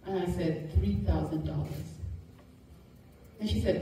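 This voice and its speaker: A woman's voice: fairly low pitch, takes it slowly, long pauses. A woman giving a motivational talk to a live audience, telling a personal story with laughter and acted-out quotes. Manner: animated, laughing, acts out quoted voices. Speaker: motivational speaker. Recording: echoey room, mic far off, faint noise.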